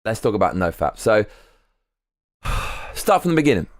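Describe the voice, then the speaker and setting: Man, live streamer, candid rambling chat, lowish voice, dry close sound. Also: sing-song, moderate pace, dry recording. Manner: candid, rambling, swears freely.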